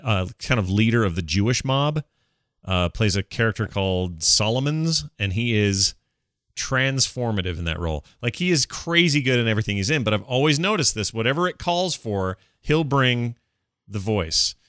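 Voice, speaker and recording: A man's voice: fairly low pitch, animated, normal speed, a bit bright, no room sound, studio quality. A man co-hosting a casual podcast, talking in an easygoing way with lots of fillers. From United States. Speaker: podcast co-host. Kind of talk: casual chat.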